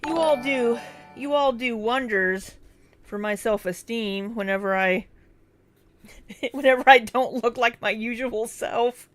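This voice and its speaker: A young woman chats with her livestream audience in a relaxed, casual way. She reads out viewer names and thanks them one after another. Her replies come with frequent, easy laughter. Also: on the high side, slow, pauses often, faint music behind. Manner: laughs often between chat replies. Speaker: livestream host. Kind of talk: casual livestream chat reading.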